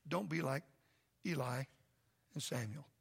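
A man who is a pastor preaching a sermon in a church, impassioned and loud at first, then soft and pleading. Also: fairly high pitch, unhurried, creaky, breathy edge. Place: church sanctuary.

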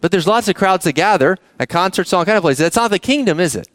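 A man's voice: high voice, lively intonation, fast, a bit bright, no echo, clean studio sound. A man preaching a sermon as the church's pastor, talking conversationally and often asking the congregation questions.

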